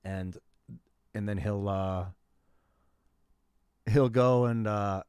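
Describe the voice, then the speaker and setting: A man's voice: on the low side, fairly even intonation, drawn-out words, darkish tone, smooth, dry recording. A man in his thirties chatting casually on a gaming livestream, rambling and slangy as he talks to viewers. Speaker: gaming streamer.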